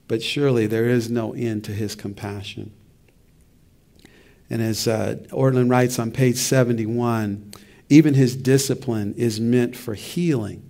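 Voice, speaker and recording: A middle-aged man with a gravelly voice leads a church book study as its pastor. He talks conversationally and reflectively, pausing to restart his thoughts. His pitch sits in an ordinary middle range. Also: dark tone.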